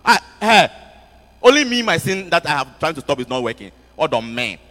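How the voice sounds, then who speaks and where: Animated high-pitched male preacher. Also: normal speed. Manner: animated, repeats words, asks the audience questions. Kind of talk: sermon. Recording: music underneath, long hall reverb.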